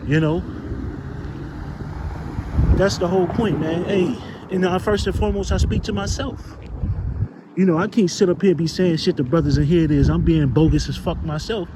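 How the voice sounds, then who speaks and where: A man's voice: high voice, moderate pace, pauses often. A man preaching informally to his brothers, rambling and cursing as he searches for the words of scripture. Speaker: street preacher. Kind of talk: informal exhortation. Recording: noisy outdoor street recording.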